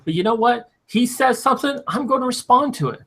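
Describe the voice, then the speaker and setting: A man's voice: very high-pitched, animated, a little fast, bright, forceful tone. A man co-hosting a casual talk show, arguing his points and explaining them at length. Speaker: co-host. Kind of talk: casual podcast chat.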